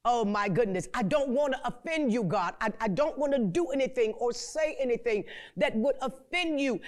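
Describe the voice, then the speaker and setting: A woman's voice: sits high, lively intonation. A woman preacher delivering a fervent sermon, stretching out key words, repeating herself with stammered restarts and breaking into prayerful exclamations. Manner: fervent, repetitive, stammering restarts, call-and-response; slow drawn-out emphasis and prayerful exclamations.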